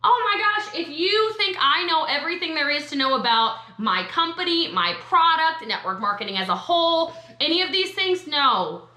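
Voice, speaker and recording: Woman, high and bright voice, sassy motivational trainer, echoey room. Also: lively intonation. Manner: sassy, emphatic, quick asides. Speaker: network marketing trainer.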